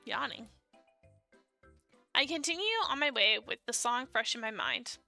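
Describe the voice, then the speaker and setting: A woman's voice: fairly high pitch, animated, unhurried, pushed and bright, faint music behind. A young woman streamer reading a dating sim aloud in first person and reacting with playful, laughing asides.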